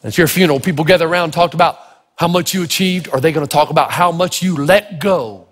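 High-voiced preacher guy from tennessee, folksy funny sermon stories, big echoey hall. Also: quick pace, slightly rough. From Tennessee, United States. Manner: animated, folksy, humorous. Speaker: pastor. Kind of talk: sermon with storytelling.

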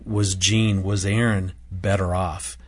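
A man's voice: low voice, little pitch movement, slow, crowd noise. A male co-host of a talk show, telling stories animatedly and laughing often. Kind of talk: radio talk show conversation.

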